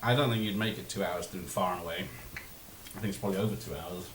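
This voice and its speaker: A man's voice: low voice, fast talker, a bit bright. A man hosting a film watch party over a call, chuckling often and making dry, teasing remarks. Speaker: channel host. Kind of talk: casual watch-party chat. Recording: echoey room with faint hiss.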